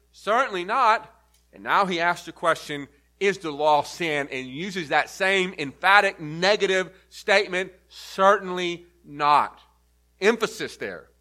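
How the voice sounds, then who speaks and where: A pastor delivering an earnest sermon, teaching step by step and leaning hard on key words. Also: male voice, high-pitched, pushed and bright. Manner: earnest, emphatic teaching with repeated stresses. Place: church.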